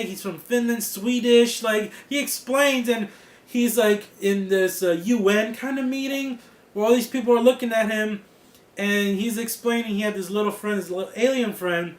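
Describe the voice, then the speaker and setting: A man giving a casual, excitable review of a TV series, laughing often and swearing freely. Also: high-pitched, moderate pace, reverberant. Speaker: TV show reviewer.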